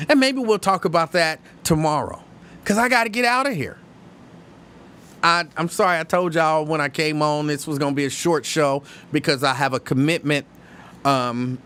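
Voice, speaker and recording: A man from hosting a live-stream show, chatting casually and reading viewer comments, opinionated and halting, with many restarts. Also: mid-range voice, fairly bright tone, slight background noise. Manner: conversational, opinionated, halting with frequent restarts and fillers.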